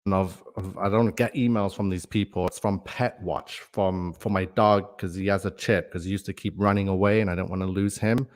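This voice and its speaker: A man with a fairly low voice talks loosely on a livestream. He rambles in a conspiratorial tone and breaks off to read viewer comments aloud. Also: steady tone, moderate pace, few pauses. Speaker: livestream host. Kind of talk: casual livestream talk.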